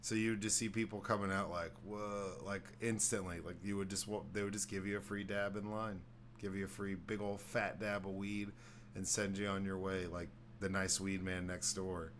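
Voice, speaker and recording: A man's voice: deep voice, level tone, normal speed, fairly bright tone, a little hiss or hum. A man, hosting a podcast in casual chat and telling rambling, profane stories. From Texas. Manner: rambling storyteller who acts out voices, swears freely. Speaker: podcast host.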